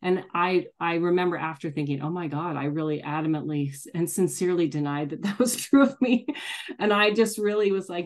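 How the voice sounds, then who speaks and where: A woman's voice: on the low side, moderate pace. A middle-aged woman telling a personal story in a candid, self-deprecating way, laughing often. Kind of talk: casual reflective storytelling.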